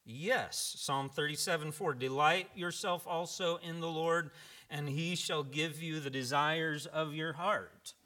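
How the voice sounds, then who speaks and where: A man's voice: on the high side, fairly even intonation, a little slow, sharp tone. A man preaching a conversational sermon, telling a folksy story to make his point.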